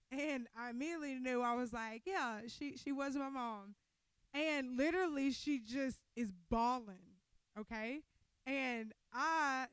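A young woman giving an animated, conversational sermon to a women's gathering. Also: high-pitched, no room sound. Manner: animated, conversational preaching with laughter. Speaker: speaker at a women's church event.

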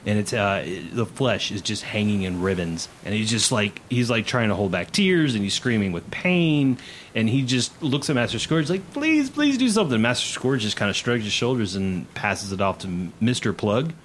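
Lowish-voiced male game master. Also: moderate pace, slight background noise. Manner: relaxed, descriptive, with fillers. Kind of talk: narrating a tabletop game.

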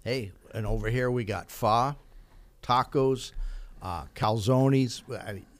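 A man's voice: medium pitch, slow pace, no room sound. A man hosting a radio show, easygoing and jokey, telling little anecdotes in a casual interview.

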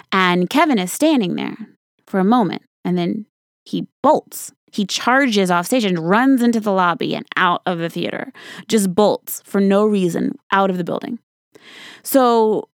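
A woman's voice: lowish voice, gravelly, dry recording, clean studio sound. A woman telling a true story in a casual, conversational way, speaking straight to the listener. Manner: conversational, casual swearing, addresses listener directly. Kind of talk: storytelling monologue.

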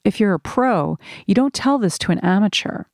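A woman narrating a first-person audiobook in a slow, measured reading. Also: mid-range voice, lively intonation, a little mellow, no echo, clean studio sound.

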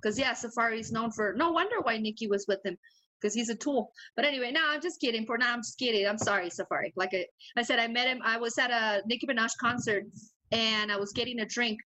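A young woman co-hosting a podcast tells a rowdy story in casual chat, speaking fast in a fairly high voice. She's animated, swears freely, and acts out the quotes, all captured in a rough recording.

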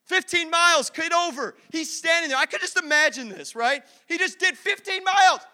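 Fervent male pastor, very high voice, sermon in a reverberant church. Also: moderate pace, sharp tone. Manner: fervent, conversational, repetitive emphasis. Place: church sanctuary. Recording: long church-hall reverb.

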